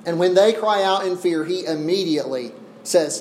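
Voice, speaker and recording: A man preaching an expository sermon, earnest, slowing down and pausing to press each point. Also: high voice, a little mellow. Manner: earnest, with deliberate slow pauses for emphasis. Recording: echoey room with faint ambient noise.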